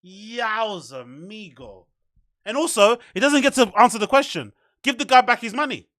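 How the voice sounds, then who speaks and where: A man's voice: very high-pitched, lively intonation, moderate pace, fairly bright tone, no echo, studio quality. A man hosting reaction commentary, mocking, profane and exasperated. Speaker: show host.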